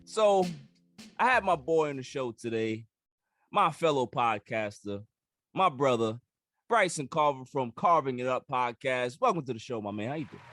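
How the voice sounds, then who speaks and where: A man from New York hosting a podcast, lively and teasing as he questions his guest. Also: medium pitch, moderate pace, faint music behind. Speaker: podcast host.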